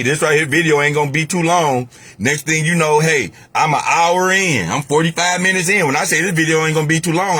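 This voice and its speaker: A man's voice: mid-range voice, pushed and bright, no echo. A middle-aged man hosting his own channel, talking to camera in an earnest, repetitive, conversational monologue that keeps asking the listener if they follow. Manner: repetitive, earnest, conversational, often asks "you know what I'm saying?". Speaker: vlogger, channel host. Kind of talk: casual heartfelt monologue to camera.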